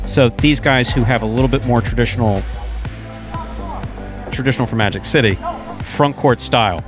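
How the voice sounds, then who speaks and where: A man's voice: medium pitch, moderate pace, music in the background. A man doing live jai-alai commentary, opinionated and teasing, calling the play with energy. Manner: opinionated, teasing, animated calls. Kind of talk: live sports commentary and banter.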